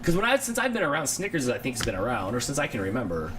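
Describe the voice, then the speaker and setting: A man hosts a live trivia show from home, his pitch rising and falling a lot as he jokes and grumbles in a playfully self-pitying way. A steady layer of background noise sits under his voice. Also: very fast. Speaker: game show host. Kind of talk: live-streamed trivia hosting.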